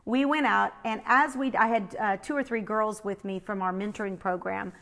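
A woman's voice: mid-range voice, moderate pace, creaky. A middle-aged woman telling a personal faith story, quoting others as she goes. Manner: animated, quotes others in her own voice. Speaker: speaker sharing a faith story.

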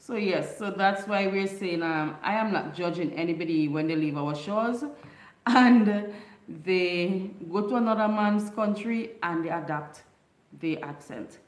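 A woman hosts a casual livestream, greeting viewers by name and laughing often. She talks at an easy, unhurried pace. Her voice rings in a roomy, echoey space. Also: lowish voice. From Caribbean island. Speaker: livestream host.

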